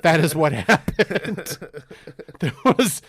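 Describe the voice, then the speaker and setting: A man's voice: on the high side, lively intonation, very slow, a bit bright, breathy edge. A man co-hosting a podcast, recapping a movie in a rambling, profane way, with silly quoted voices. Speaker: podcast co-host. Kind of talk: casual chat.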